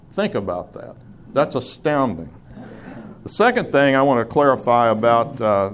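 A man's voice: medium pitch, a little hiss or hum. Man teaching a Bible class. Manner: conversational, with fillers and restarts.

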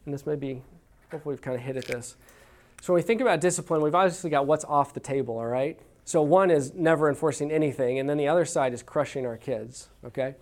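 A man's voice: fairly high pitch, quick pace. Earnest man from Texas teaching a church class. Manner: earnest, folksy storyteller with frequent restarts. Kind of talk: conversational teaching talk with stories.

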